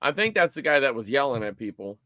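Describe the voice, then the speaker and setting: A man in his forties co-hosting a live stream show, telling stories in a rambling, animated way with lots of fillers. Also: mid-range voice, fast, no echo, studio quality. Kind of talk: casual chat.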